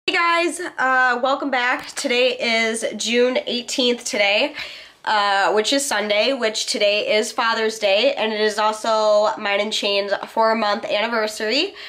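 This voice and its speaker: A young woman talks straight to her camera in a relaxed vlog, bubbly and chatty with the odd swear word. A cold has left her voice congested and nasal. She sits slightly higher in pitch than most women. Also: measured pace. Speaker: vlogger. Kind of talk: casual vlog talk to camera.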